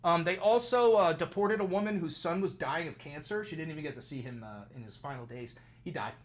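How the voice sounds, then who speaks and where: Young male streamer, slightly high voice, angry, swearing rant that repeats itself. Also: a little fast. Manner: angry, profane, repetitive. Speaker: livestream host. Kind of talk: political livestream rant.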